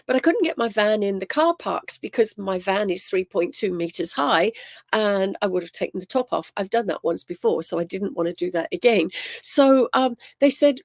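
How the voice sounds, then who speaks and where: A woman's voice: medium pitch, expressive, moderate pace, a little mellow, no room sound, studio quality. A woman hosting a casual livestream on spiritual topics, telling stories with lots of ums and greeting viewers by name.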